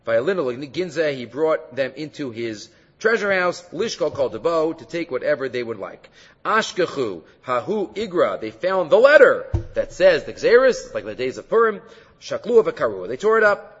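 Animated man teaching Talmud. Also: a little high, normal speed, breathy edge, big-room sound, muffled recording. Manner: animated, mixes English with Hebrew and Aramaic, many fillers. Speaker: Torah teacher. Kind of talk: Talmud lecture.

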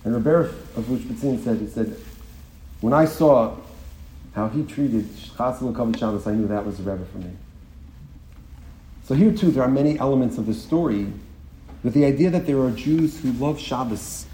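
Animated male storyteller telling a Hasidic tale. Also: mid-range voice, slight background noise. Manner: animated storytelling, rising to emphatic bursts. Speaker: religious storyteller. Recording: roomy with faint ambience.

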